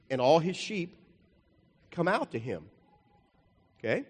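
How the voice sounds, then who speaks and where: A man's voice: fairly high pitch, sing-song, measured pace, pauses often, breathy edge. An older man preaching a folksy, rambling sermon, explaining slides with jokes and asides. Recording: long hall reverb.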